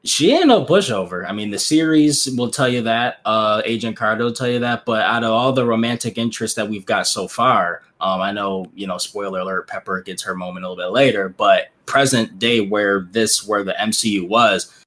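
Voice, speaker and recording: A man chats on a podcast in a colloquial, emphatic way and gets animated. His voice sits on the low side. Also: fairly quick, hardly any pauses. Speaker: podcast co-host. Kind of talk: casual podcast chat.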